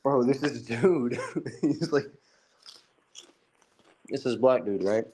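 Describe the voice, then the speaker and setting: A man's voice: medium pitch, takes it slowly, dark tone, a little hiss or hum. A young man co-hosting a podcast in casual chat, talking loosely and profanely, laughing often and using plenty of filler. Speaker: podcast co-host.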